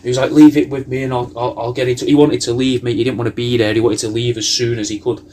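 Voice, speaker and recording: A man's voice: mid-range voice, flat delivery, fast talker, a little mellow. A man delivering a rambling, sweary comic monologue full of absurd tangents and slang, as a personalised video message.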